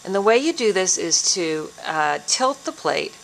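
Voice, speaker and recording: A woman giving a calm, step-by-step biology lab demonstration as an instructor. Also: medium pitch, unhurried, slight background noise.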